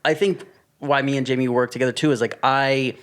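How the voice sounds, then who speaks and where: A man's voice: mid-range voice, a little fast. A man in his thirties talking bluntly and animatedly as a podcast guest, swearing freely. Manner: blunt, profane, animated storytelling. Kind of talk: casual chat.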